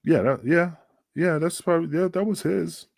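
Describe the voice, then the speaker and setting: A middle-aged man and former pro wrestler, guesting on a podcast and telling rambling, profane stories, loudly acting out the voices of the people he quotes. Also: a little high, moderate pace, gravelly, no room sound, studio quality. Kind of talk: casual storytelling on a podcast.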